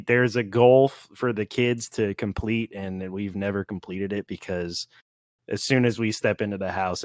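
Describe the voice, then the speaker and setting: A very deep-voiced man chatting about games on a podcast, animated and quick to laugh. The sound is close and dry, with no room around it. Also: no room sound. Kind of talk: casual gaming podcast chat.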